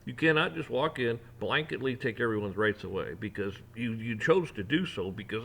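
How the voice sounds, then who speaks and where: A rant channel host delivers his opinions to camera, heated and mocking, rising almost to shouting at the peaks and imitating officials in sarcastic voices. His medium-pitched voice is expressive, with vocal fry, at a normal speed.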